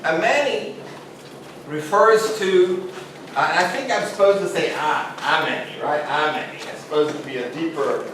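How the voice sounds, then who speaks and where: A man's voice: on the high side, lively intonation, a little slow. Man lecturing in a very echoey classroom. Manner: conversational, jokey, asks the class questions. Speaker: Islamic studies teacher. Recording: very echoey room, voice far from mic, faint hiss.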